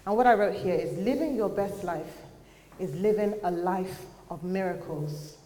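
A young adult woman preaching a sermon in earnest, conversational tones, sometimes pausing on fillers. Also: fairly low pitch, warm tone. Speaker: church speaker. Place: church hall. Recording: echoey church hall.

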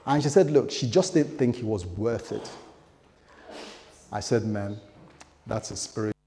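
A man's voice: on the low side, a little slow, warm tone, long reverb tail, slight background noise. A man preaching a sermon as pastor, in a loose conversational way, acting out quoted dialogue.

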